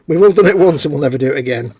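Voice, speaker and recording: A man's voice: fairly high pitch, animated, fast, a crowd in the background. A man co-hosting a casual live stream, joking around and reading out chat messages. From United Kingdom. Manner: jokey, reads out chat messages.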